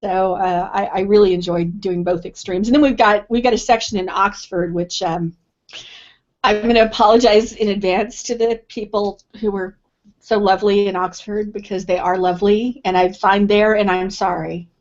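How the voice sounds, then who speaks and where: A woman's voice: medium pitch, steady tone, moderate pace, a little mellow. A woman author answering interview questions in a thoughtful, casual way, often restarting her sentences. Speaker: author guest. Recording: dull lo-fi online stream audio.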